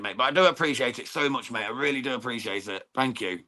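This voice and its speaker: He talks very fast with hardly any pauses, his medium-pitched voice pushed and bright. The English host of a live boxing watchalong, he chats casually with viewers, calls them "mate" often, swears freely, and gives his take on the fight.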